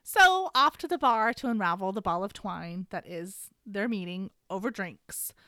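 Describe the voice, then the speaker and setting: A woman hosting a podcast, giving a chatty, animated casual recap of a book. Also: mid-range voice, measured pace, clear, resonant tone, no echo, clean studio sound. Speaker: podcast host.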